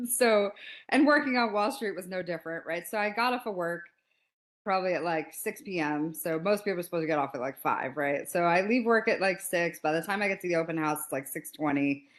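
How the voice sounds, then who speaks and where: A woman in her forties, a podcast guest telling a story in a lively, casual way and acting out quotes. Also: lowish voice. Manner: animated, laughs often, acts out quotes.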